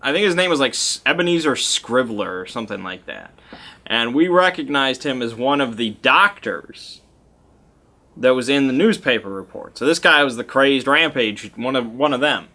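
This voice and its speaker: A man's voice: mid-range voice, expressive, normal speed, sharp tone. A man casually recapping a tabletop game session, rambling, with many fillers and chuckling asides.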